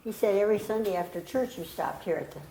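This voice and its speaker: A woman's voice: mid-range voice, fast talker, dark tone. An older woman from Minnesota reminiscing in an oral history interview, often prompting and correcting her husband. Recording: echoey room.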